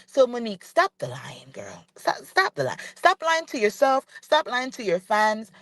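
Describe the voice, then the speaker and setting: A woman's voice: fairly high pitch, very animated, moderate pace, a bit bright, no echo. A woman giving opinionated commentary on a vlog, ranting and speaking straight to the person she criticizes, repeating her points for emphasis. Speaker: reality TV commentator.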